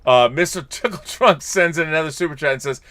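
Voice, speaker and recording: A man's voice: fairly high pitch, fast talker, fairly bright tone, no echo. A middle-aged man co-hosting a casual, tipsy live-stream chat, reading viewer messages with jokey, stumbling restarts. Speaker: podcast co-host reading super chats.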